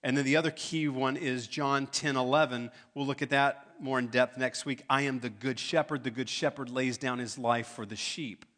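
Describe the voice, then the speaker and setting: A man preaching a sermon in a church, talking in a relaxed way and making joking asides to the congregation. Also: mid-range voice, moderate pace, hardly any pauses. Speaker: pastor. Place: church sanctuary.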